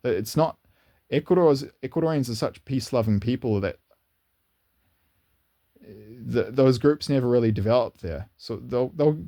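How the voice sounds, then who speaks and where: A man's voice: normal speed, long pauses, warm tone. A man talking in a casual, unscripted monologue as a channel host, rambling earnestly with frequent restarts and repeated words. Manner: earnest, rising in pitch when enthused. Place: lives in New Zealand, indoors.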